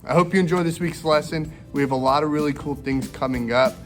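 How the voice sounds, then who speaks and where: A man teaching a children's Bible lesson in a lively way, acting out the voices in the story for young listeners. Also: on the high side, fairly quick, soft background music. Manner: animated, acts out quoted voices for kids.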